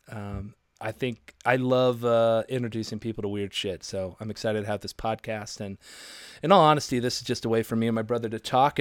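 A man's voice: fairly low pitch, dry recording. Man in his thirties, casual podcast co-host, rambling and jokey, dry close sound. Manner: rambling, jokey, lots of fillers.

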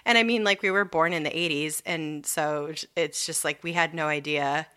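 Woman, thirties, casual chat, low pitch, crisp bright tone, rambling storyteller. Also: fairly even intonation, normal speed. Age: 30s. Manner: rambling storytelling with frequent fillers and laughs.

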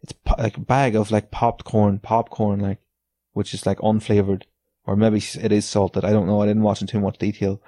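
Guy ranting on his podcast, lowish mellow voice, swears constantly, dry sarcastic laughs. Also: little pitch movement, normal speed, no room sound. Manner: sweary, sardonic, laughs between lines. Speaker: podcast host. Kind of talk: casual solo rant.

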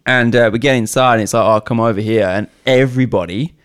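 A man's voice: medium pitch, quick pace, clean tone. A man on a casual beer podcast, telling a travel story in a rambling way and searching for words with frequent ums and uhs.

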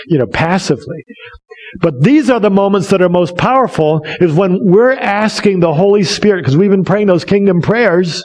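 A man's voice: high voice, a little mellow. A male pastor preaching a sermon, telling a story in an earnest way with frequent restarts.

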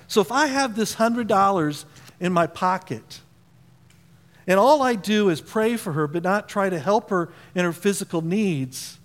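A man's voice: high-pitched, big-room sound. A man preaching a sermon as pastor, talking conversationally and asking the congregation questions. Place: church auditorium.

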